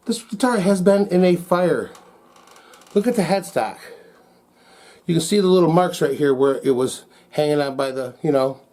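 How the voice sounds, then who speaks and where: A man's voice: medium pitch, mellow. Easygoing folksy man in a workshop. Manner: folksy, easygoing, talks to himself and viewers as he works. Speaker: guitar repair shop owner. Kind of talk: casual workshop narration while working. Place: guitar repair workshop.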